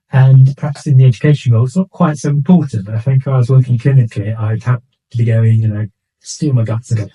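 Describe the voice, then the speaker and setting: A man's voice: mid-range voice, fast talker, warm tone, breathy edge, low-quality recording. An older man, a senior nurse chatting casually as an interview guest, self-mocking and acting out little quoted exchanges.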